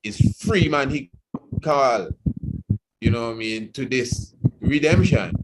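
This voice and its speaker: A man's voice: mid-range voice, slow, heavy background noise. A man hosting a reflective radio talk program, speaking in a meandering way with frequent "you know"s.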